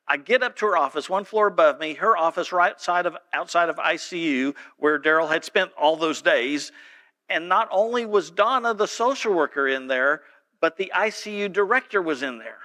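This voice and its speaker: Pastor man telling a story in his sermon, folksy, high bright voice. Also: moderate pace.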